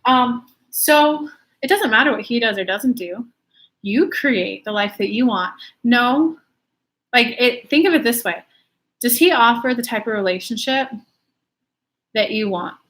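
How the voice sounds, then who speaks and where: A woman's voice: a little high, measured pace, fairly bright tone. Chatty woman coaching viewers live. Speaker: law of attraction coach. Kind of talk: live-stream answering viewer questions.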